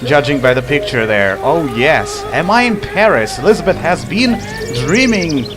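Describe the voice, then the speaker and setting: A man's voice: on the high side, expressive, normal speed, over music. A man giving casual let's play commentary, chatty, laughing at the game, a non-native English speaker. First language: not English.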